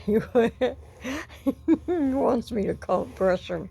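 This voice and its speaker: Woman, husky and unhurried, phone-filmed at home, doting baby talk to pets. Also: mid-range voice, mellow. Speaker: pet owner filming her cats. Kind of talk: casual pet talk. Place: at home indoors.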